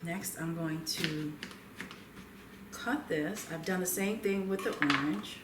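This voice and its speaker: A woman hosting a cooking show, speaking gently and without hurry while she prepares food in a kitchen. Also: on the low side, reverberant, heavy background noise. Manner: gentle, unhurried, talks while working. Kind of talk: cooking demonstration with calm chat. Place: home kitchen.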